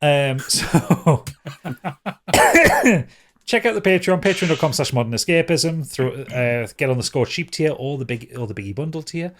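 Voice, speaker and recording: A man, the game master, casually plugging the show in a rushed, stumbling way. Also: a little high, a little hiss or hum. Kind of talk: casual chat, show plugs.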